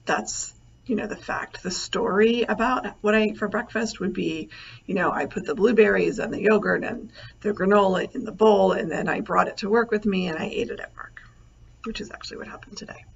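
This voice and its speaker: A woman lecturer recording a lesson over slides, relaxed and thinking aloud with many fillers. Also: medium pitch, moderate pace, gravelly, husky. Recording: slightly dull, faint noise.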